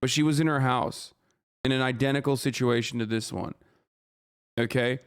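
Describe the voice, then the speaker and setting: A man's voice: mid-range voice, fairly even intonation, normal speed, clean tone. A man streaming a reaction to a news story, heated and profane, repeating himself and asking "okay?" often. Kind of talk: livestream reaction commentary.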